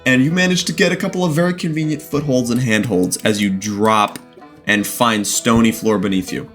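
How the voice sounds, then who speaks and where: A man running a tabletop game as game master, narrating scenes with laughs, swearing and quick asides. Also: mid-range voice, a bit bright, faint music behind.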